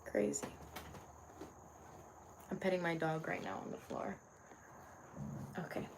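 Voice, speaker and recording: A woman's voice: lowish voice, fairly even intonation, slow pace, vocal fry, noisy background. Tired young woman streaming from her phone. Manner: tired, rambling, talks to viewers and her dog. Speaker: livestreamer. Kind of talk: casual livestream chat. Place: bedroom at home.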